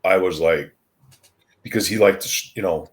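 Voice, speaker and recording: An older man with a deep, low-pitched voice tells stories from his past in a casual, meandering way. He often stops and restarts his sentences and pads them with ums as he recalls details. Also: normal speed. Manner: rambling with frequent ums and restarts. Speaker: retired wrestler, podcast guest. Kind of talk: casual anecdotal storytelling.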